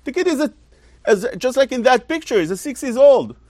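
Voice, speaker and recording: A man giving a religious lesson as a Torah teacher, talking in an animated, emphatic way with rhetorical questions and repetition. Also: very high-pitched, fairly quick, no room sound, clean studio sound.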